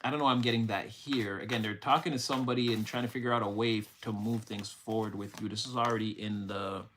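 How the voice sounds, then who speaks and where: A man's voice: fairly low pitch, fairly even intonation, fast talker, fairly bright tone, slight background noise. Rambling emotional male tarot reader. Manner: rambling, emotional, swears casually. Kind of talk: live-streamed tarot reading.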